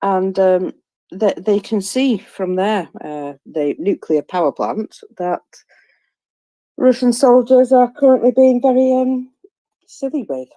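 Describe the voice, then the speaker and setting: A woman's voice: medium pitch, lively intonation, takes it slowly, mellow, dry recording, poor audio. A woman in casual live chat about war news, rambling with many fillers and restarts. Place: at home, first thing in the morning. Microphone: phone or headset in live audio room.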